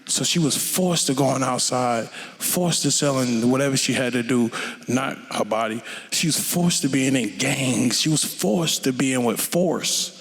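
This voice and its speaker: A man, a rapper telling his story onstage in a blunt, profane and animated way. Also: mid-range voice, big-room sound. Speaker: interview guest, rapper. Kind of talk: candid onstage conversation.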